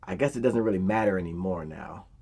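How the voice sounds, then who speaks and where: A man's voice: low-pitched, fast, creaky, darkish tone, breathy edge, full character voice. A man voicing an easygoing adult male ninja mentor in casual, slangy speech.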